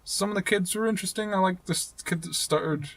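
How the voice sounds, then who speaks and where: Young male co-host, high bright voice, giggly and jokey, dry close sound. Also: brisk, dry recording. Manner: giggly, loud laughs, jokey. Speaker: podcast co-host. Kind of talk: late-night casual chat. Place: inside a van.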